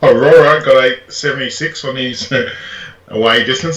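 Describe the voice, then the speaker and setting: A man plays through a tabletop game, joking and laughing as he fumbles through his turn. His tone is bright and sharp. The room around him rings with echo. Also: mid-range voice. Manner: jokey, laughs often, halting. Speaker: player. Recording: echoey room.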